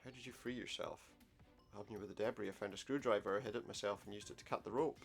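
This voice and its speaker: A man's voice: fairly low pitch, steady tone, fast talker, vocal fry, faint music behind. A man playing through an adventure game, commenting wryly and reading the dialogue aloud. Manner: wry, sarcastic asides. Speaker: let's play gamer.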